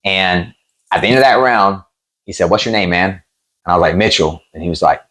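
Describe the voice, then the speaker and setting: Low-voiced man telling fight stories. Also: brisk. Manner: animated, profane, acts out quotes. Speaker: MMA promoter and former fighter, guest. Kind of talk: casual storytelling interview.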